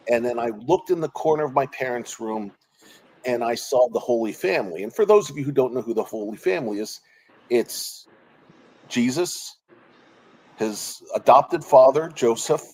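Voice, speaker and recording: A man's voice: mid-range voice, a little mellow, rough recording. A man in his forties speaks over a remote call connection. He sounds earnest and openly emotional, often restarting sentences and letting phrases trail off. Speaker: guest. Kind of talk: personal interview over a call.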